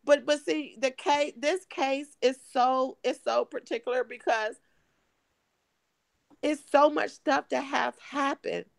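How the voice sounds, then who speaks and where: A middle-aged woman from Michigan, hoarse and emotional, telling her story in an interview with halting, restarting speech. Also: high voice, steady tone, no room sound. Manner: halting, repeats words, restarts often. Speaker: guest, mother of missing woman.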